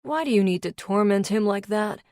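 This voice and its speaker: Woman voicing a calm easygoing biker man. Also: medium pitch, moderate pace, dry recording, lightly acted.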